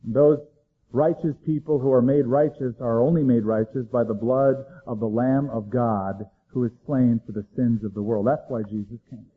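A man preaching a sermon, dramatic, swinging between loud emphasis and hushed low lines. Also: steady tone, normal speed, breathy edge, phone-quality sound. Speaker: pastor.

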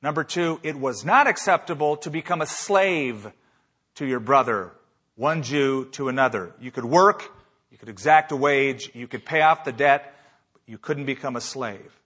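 A man's voice: mid-range voice, normal speed, fairly bright tone, husky. A man preaching a sermon as a pastor, emphatic, with rhetorical questions and repeated phrases.

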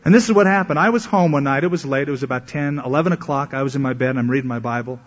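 A man's voice: medium pitch, very fast, a little hiss or hum. A man preaching a sermon as a pastor, telling a story and acting out the voices of the people in it. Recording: echoey hall, dull lo-fi sound.

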